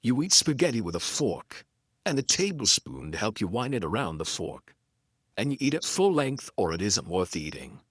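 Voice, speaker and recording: A hard-boiled pulp detective who wisecracks and looks down on everyone, gruff and chuckling, as a male narrator plays him. The voice is low but lively in its inflection, and it sounds close and dry. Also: moderate pace, no echo. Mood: wry.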